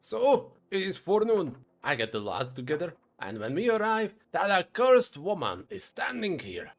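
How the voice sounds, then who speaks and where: A man voicing a gruff, blustering male dwarf foreman in a video game, talking in an indignant, shouting manner. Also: high-pitched, huge pitch swings, pitched above the performer's own voice, heavily acted. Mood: aggrieved. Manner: indignant, shouting, drawn-out exclamations.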